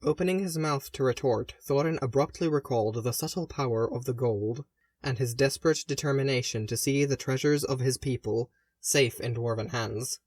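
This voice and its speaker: A man reading a fantasy story aloud in a gentle, measured narration. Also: mid-range voice, husky, no room sound, clean studio sound. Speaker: audiobook reader. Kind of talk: fan audiobook narration.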